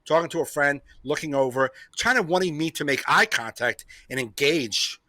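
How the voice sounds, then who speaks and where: A man's voice: a little high, moderate pace, sharp tone, no echo. A man hosting a comedy podcast, telling a rambling story in casual chat, repeating himself and laughing often.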